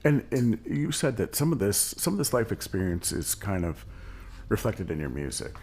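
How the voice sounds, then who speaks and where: A podcast host with a very deep, gravelly voice that rises and falls a lot as he encourages his guests. Faint noise sits behind him in the room. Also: very animated, normal speed, darkish tone. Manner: encouraging, upbeat affirmations. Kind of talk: casual interview chat.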